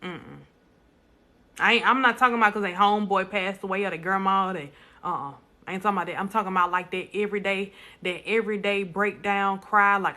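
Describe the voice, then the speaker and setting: A woman's voice: mid-range voice, fast talker, pushed and bright. A woman speaking bluntly and emphatically to viewers in a casual live stream, repeating lines for stress. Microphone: phone.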